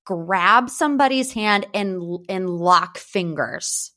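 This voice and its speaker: A young woman from Northeast Ohio hosting a pop culture gossip podcast, chatty and animated. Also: mid-range voice, slow. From Northeast Ohio, United States. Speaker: podcast host.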